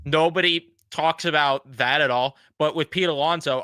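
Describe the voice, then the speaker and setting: A man's voice: on the high side, steady tone, normal speed, pushed and bright, clean tone, no echo. A man co-hosting a casual sports podcast, blunt and exasperated, swearing freely. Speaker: podcast co-host.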